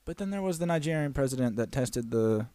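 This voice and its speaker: A young man co-hosting a comedy podcast, telling conspiracy stories with deadpan irony and casual swearing. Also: mid-range voice, a little fast, clear, resonant tone, no room sound. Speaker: podcast co-host. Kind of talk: casual chat.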